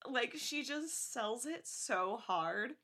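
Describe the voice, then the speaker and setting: A young woman chats casually on a podcast with a bright, high voice. She gushes about a film and jumps into excited impressions of its lines. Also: slow pace. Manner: gushing, animated, acts out movie lines in high voices. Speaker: podcast co-host. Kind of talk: casual chat.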